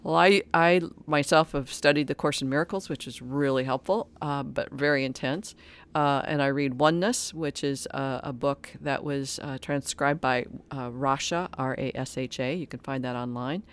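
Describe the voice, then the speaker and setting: A person in their sixties giving a reflective spiritual talk, earnest and halting, often restarting and correcting themselves. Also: medium pitch, a bit bright, clean tone. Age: 60s.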